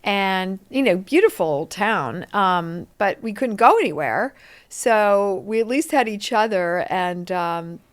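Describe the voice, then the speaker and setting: A woman's voice: medium pitch, slow. A woman, an actress guest on a podcast interview, chatting casually and acting out the lines of people in her stories. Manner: animated storyteller, acts out quotes.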